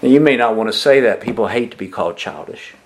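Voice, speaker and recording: A pastor preaching a sermon, asking the congregation questions and repeating their answers back. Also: male voice, medium pitch, quick pace, slight background noise. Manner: emphatic preaching with lively rises and drops.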